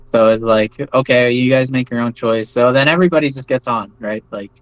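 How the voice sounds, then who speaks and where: A man tells his own story in a loose, rambling way, looping back with "like" and "you know" and checking in with "right?" after each point. His voice sits at an ordinary middle pitch. The recording is dry and close, with almost no room sound. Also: a little fast, clean tone, no room sound, low-quality recording. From United States. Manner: rambling, many fillers and tag questions. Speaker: veteran telling his story. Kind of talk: casual first-person storytelling.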